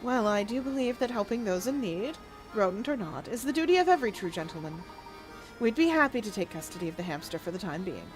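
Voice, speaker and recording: A woman voicing a courteous middle-aged gentleman professor who talks in a formal, measured way. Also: medium pitch, lively intonation, over music, pitched below the performer's own voice, natural voice, low-quality recording. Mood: gallant.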